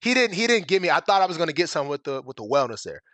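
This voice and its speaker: A man, a pro football player, telling stories in a casual chat, animated and laughing as he acts out conversations. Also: on the high side, racing, no room sound. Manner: animated, laughing, acting out dialogue.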